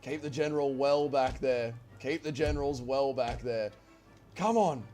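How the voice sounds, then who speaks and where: A man streaming a strategy game, giving excitable live commentary, swearing and shouting orders and cheers. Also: mid-range voice, moderate pace, soft background music. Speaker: gaming streamer.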